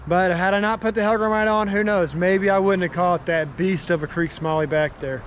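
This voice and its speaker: A young man filming a casual fishing vlog outdoors by a creek, excitable and often calling out to his viewers as guys. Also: sits high, normal speed, a little hiss or hum. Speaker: fishing vlogger.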